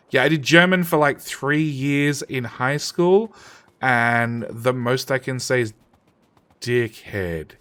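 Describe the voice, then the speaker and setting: A male streamer in the middle of a casual live broadcast, talking to chat at an ordinary pitch. He rambles, restarts his sentences and trails off, mixing self-mocking jokes with offhand profanity. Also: a bit bright.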